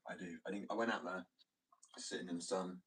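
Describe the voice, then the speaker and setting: A man's voice: deep voice, fairly even intonation, brisk, fairly bright tone, slightly rough, low-quality recording. A young man from Wales chatting casually on a livestream, rambling and swearing freely as he talks about his artwork. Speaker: streamer and artist.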